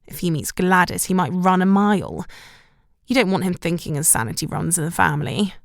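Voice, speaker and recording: Disapproving mum, read by a woman, tart and reproachful, gravelly edge, close dry recording, audiobook. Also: fairly low pitch, a little fast, dry recording. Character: bitter, disapproving middle-aged mother. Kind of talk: audiobook character reading.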